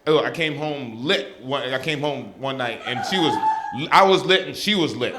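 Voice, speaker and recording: A man doing a stand-up routine on a comedy club stage, telling stories with animated delivery. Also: medium pitch, moderate pace, heavy background noise. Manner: animated storytelling. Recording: live club with laughing crowd.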